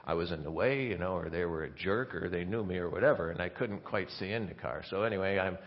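Low-voiced pastor, halting, lo-fi sound. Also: male voice. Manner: halting, many restarts and asides. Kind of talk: conversational sermon. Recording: dull lo-fi sermon recording.

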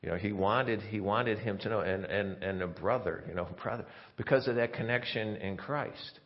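Low-voiced pastor, halting, lo-fi sound. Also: male voice. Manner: halting, many restarts and asides. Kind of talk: conversational sermon. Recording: dull lo-fi sermon recording.

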